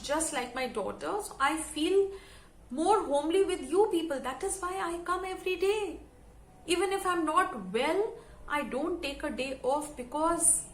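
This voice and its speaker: A woman's voice: sits high, fairly bright tone, reverberant, voice pushed up, poor audio. A woman voicing an elderly devoted house maid, humble and emotional, speaking in a raised, pleading way.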